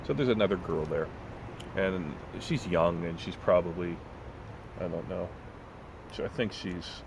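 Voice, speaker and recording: Very deep-voiced man ranting, blunt and profane. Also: background noise. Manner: blunt, swearing, storytelling with mocking voices. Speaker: vlogger. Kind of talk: profane casual rant.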